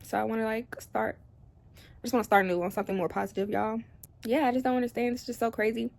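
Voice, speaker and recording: A young adult vlogger confides tearfully in her audience from home, rambling and looking straight into the camera while crying at intervals. She talks fast in a steady, slightly mellow, high-leaning voice with vocal fry.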